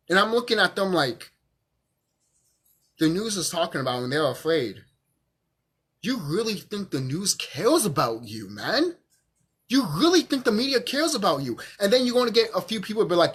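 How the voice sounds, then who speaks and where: A man's voice: high-pitched, sing-song, normal speed, fairly bright tone, husky. A drunk man, stuttering a little, delivering a profane, emphatic monologue to camera as a vlogger and repeating himself for force.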